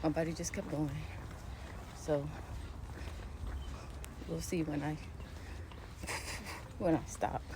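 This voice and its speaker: A woman with a lowish voice chats while she hikes and records herself on a phone outdoors. Her talk wanders from point to point, packed with fillers and little laughs. The outdoor background noise comes through clearly. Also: steady tone, slow pace, pauses often. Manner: rambling, chatty, with lots of fillers and laughs. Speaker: vlogger. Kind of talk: casual vlog chat while hiking. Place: outdoor nature trail near a pond.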